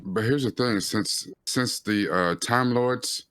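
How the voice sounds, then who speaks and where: Laid-back slangy man, lowish voice. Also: slow, a bit bright. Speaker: reaction video co-host. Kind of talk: casual chat.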